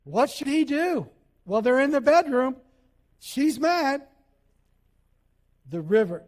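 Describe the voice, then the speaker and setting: Man, pastor, sermon, high pitched, animated preaching. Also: slow pace, big-room sound. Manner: animated preaching with acted-out quotes.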